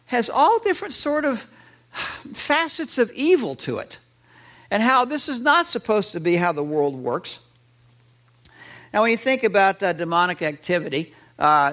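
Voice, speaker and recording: Lively, high-voiced male preacher. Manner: animated, with many fillers and restarts. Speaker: pastor. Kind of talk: sermon.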